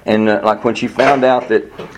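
An older man teaching a Sunday school class in an earnest, candid way, full of restarts and sudden high-pitched exasperation. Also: fairly even intonation, brisk, slight background noise. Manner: earnest, candid, many restarts, rising to high exasperated voices when quoting himself.

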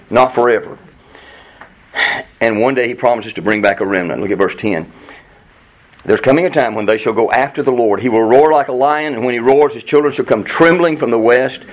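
A man teaching through a Bible book verse by verse, earnest and emphatic, reading passages aloud and explaining them to a class. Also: poor audio. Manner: earnest, emphatic, rises in pitch on quoted pleas.

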